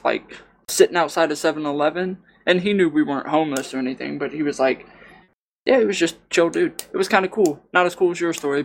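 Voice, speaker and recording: A young man in casual podcast chat with a gravelly, fry-laden voice sitting a bit high for a guy. He rambles through stories loosely and leans on lots of filler words. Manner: rambling storyteller, many fillers like "like" and "dude". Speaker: podcast co-host.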